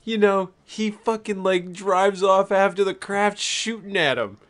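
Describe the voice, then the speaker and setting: A man hosting an uncensored podcast, talking casually in halting bursts with lots of swearing and restarts. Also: high-pitched, a bit bright. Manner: halting, profane, many restarts. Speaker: podcast host.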